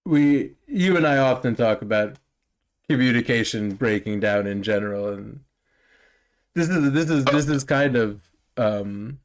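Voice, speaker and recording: A man's voice: medium pitch, unhurried. A man in his forties co-hosting a podcast, chatting in a wry, amused way. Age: 40s. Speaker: podcast co-host. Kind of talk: casual chat.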